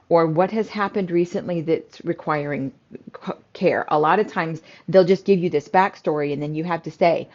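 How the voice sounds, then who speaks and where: Calm, lower-voiced woman coaching on lo-fi audio. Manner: calm, conversational coaching with frequent fillers. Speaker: home care business owner and trainer. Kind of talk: instructional talk to camera. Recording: slightly dull, lo-fi audio.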